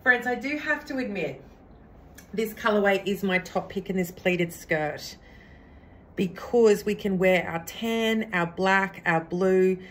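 A woman's voice: mid-range voice, roomy sound, recorded from a distance, a little hiss or hum, poor audio. A woman, enthusiastically trying on clothes for viewers she calls friends. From Australia. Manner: gushing, addresses viewers as friends. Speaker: fashion try-on vlogger. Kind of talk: clothing try-on haul.

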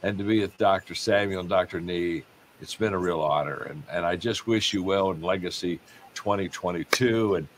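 Guest speaker, male, very low voice, halting and earnest, faint hiss behind. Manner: halting, strings thoughts together with repeated "and".

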